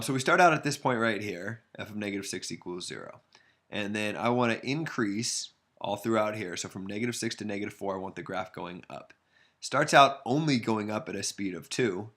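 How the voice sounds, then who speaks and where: A man with a low, gravelly voice talks through a math problem in a loose, unpolished way. He thinks aloud as he sketches a graph, and he pokes fun at his own drawing as he goes. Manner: relaxed, self-deprecating, thinks aloud while sketching. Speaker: math instructor. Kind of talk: casual recorded math lesson.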